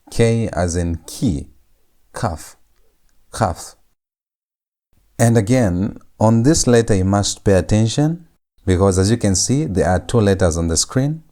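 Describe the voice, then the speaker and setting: A man teaching a language lesson, saying each letter sound over and over in a drawn-out, patient way. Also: on the low side, mellow. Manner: repeats each sound several times, drawn out. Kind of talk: slow lecture on letter pronunciation.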